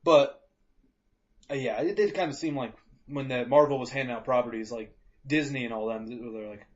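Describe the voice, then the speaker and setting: A man co-hosts a podcast in casual chat, joking, swearing freely, and acting out quotes. He speaks at medium pitch and a moderate pace, and the podcast audio is dull and lo-fi.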